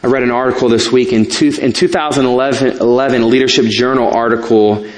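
A man's voice: mid-range voice, fairly even intonation, quick pace. A middle-aged man, a pastor, preaching a sermon in a conversational way, with asides and self-corrections.

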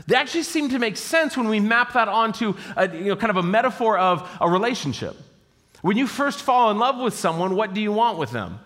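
Bright-voiced male pastor in a reverberant hall. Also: high voice. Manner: conversational, reflective, frequent "right?" asides. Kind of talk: sermon.

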